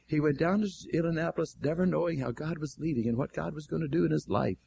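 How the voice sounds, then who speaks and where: High-voiced preacher telling a story. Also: male voice, quick pace, creaky, slight background noise. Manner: animated storyteller who acts out dialogue; fervent exclamations. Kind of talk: storytelling sermon.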